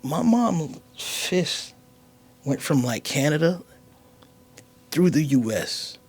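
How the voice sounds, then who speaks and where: A comedian telling a story in an animated, slangy way, sometimes dropping to a whisper. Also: male voice, mid-range voice, husky. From United States. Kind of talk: comic storytelling monologue.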